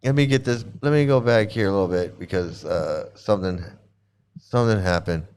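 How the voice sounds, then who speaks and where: A man's voice: deep voice, brisk, darkish tone, smooth. A man giving casual reaction commentary on clips, rambling and repeating himself, laughing often.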